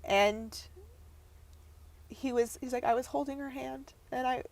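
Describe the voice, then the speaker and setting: A young adult woman, a podcast guest, telling a painful personal story in a halting way, often breaking off and dropping her voice low. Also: fairly even intonation, vocal fry. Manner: halting, breaks off and restarts, voice drops to near whisper at times.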